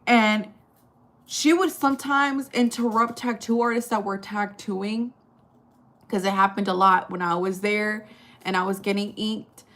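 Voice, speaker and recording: Woman vlogger, Chilean-born, raised in the US, casual ranting storyteller with a mid-pitched voice. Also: steady tone, a little slow. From Chile, raised in the United States. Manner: rambling, profane, lots of fillers; gets loud and high when outraged.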